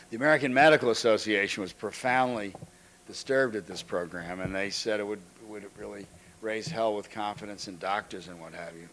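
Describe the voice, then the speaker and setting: An older man giving an anecdotal lecture, halting often, restarting phrases and clearing his throat. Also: on the low side, a bit bright, slight background noise. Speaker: guest lecturer. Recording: archival lecture recording.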